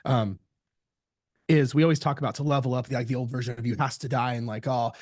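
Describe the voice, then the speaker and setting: A man as a podcast guest, telling a candid story in an animated way and swearing freely. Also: medium pitch, quick pace, no room sound, studio quality. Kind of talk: candid casual conversation.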